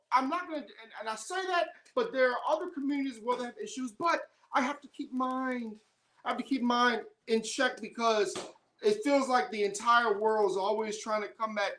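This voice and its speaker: A woman's voice: high voice, fairly bright tone. A woman hosting an independent sports show, delivering a heated, emphatic opinion monologue.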